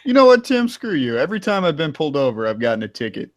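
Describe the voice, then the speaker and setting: A man's voice: fairly high pitch, big pitch swings, fast, no echo. A man in a garage chat, complaining wryly. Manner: wry, complaining. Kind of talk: casual chat. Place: home garage.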